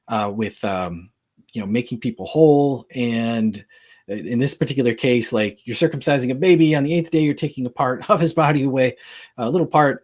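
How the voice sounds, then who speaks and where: A man's voice: medium pitch, a little mellow, slightly rough. A man giving a casual lecture on Christian apologetics in a conversational, joking way, with lots of filler words.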